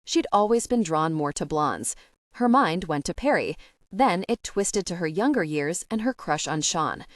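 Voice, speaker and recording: Low-voiced woman reading an audiobook. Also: expressive, unhurried, no room sound. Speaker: audiobook narrator. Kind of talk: scripted narration.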